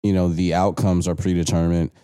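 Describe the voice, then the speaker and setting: Laid-back man with a low, mellow voice. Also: flat delivery, brisk, clean tone. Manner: rambling, laid-back, swears casually. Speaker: podcast co-host. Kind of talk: casual podcast chat.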